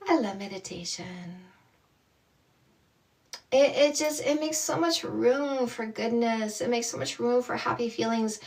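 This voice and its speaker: A woman's voice: a little high, far from the mic. A woman from Canada, a dating coach, chatting casually and bubbly with viewers on a livestream, often laughing.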